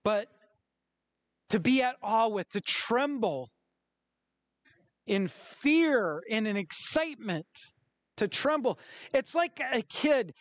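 Man, pastor, high voice, dry close sound, animated sermon delivery. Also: slow, pauses often, no echo. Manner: animated preaching with acted-out quotes.

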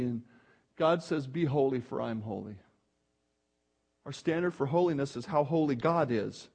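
A man's voice: medium pitch, moderate pace, creaky, pauses often, darkish tone, breathy edge. A middle-aged male pastor preaching a sermon in an earnest, emphatic way, often restarting his phrases.

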